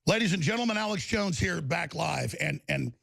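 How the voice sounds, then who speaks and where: A middle-aged man hosting a live talk radio show, ranting angrily and repeating himself, mixed with product pitches. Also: animated, normal speed, gravelly, fairly bright tone, slightly rough, no room sound. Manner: angry, aggressive, repetitive ranting.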